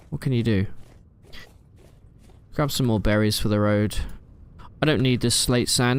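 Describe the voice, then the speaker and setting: A man's voice: medium pitch, clean tone. A man chatting casually while streaming a game live from his room at home, rambling and answering chat with plenty of fillers.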